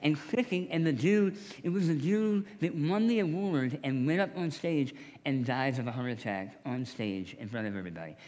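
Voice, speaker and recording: A man's voice: on the high side, normal speed, few pauses. A man preaching a sermon as a pastor, talking conversationally and acting out little dialogues. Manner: animated, conversational preaching with acted-out quotes. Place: church sanctuary. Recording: long reverb of a church hall.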